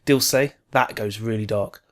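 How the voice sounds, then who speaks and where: A man's voice: lowish voice, normal speed. A man co-hosting a casual film review podcast, laid-back and keen to recommend films. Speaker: podcast co-host.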